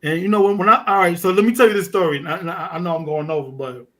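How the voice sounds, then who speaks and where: New man, a bit high-voiced, a guest spinning a gritty story with lots of energy. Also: rapid-fire. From Fort Greene, Brooklyn. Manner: animated, profane street storytelling. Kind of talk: casual storytelling.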